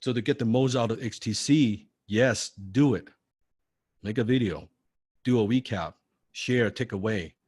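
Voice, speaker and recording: A man's voice: on the low side, unhurried, darkish tone, breathy edge, no echo. Male sales trainer, emphatic and repetitive, close dry mic. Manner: emphatic, repeats key phrases, acts out phone calls. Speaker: sales coach. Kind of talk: live sales training class.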